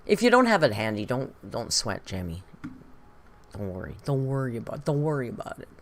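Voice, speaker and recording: Her very deep voice swings widely in pitch and moves fairly quickly, over a slight hiss or hum. The British reaction streamer gossips through video clips and viewer comments, laughing frequently and musing aloud.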